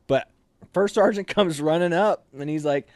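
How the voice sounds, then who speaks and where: A man's voice: a little high, moderate pace, no room sound. A man in a casual interview, telling a story with many fillers and acting out the voices of the people in it. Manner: animated, acts out quoted voices, many fillers. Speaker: officer candidate being interviewed.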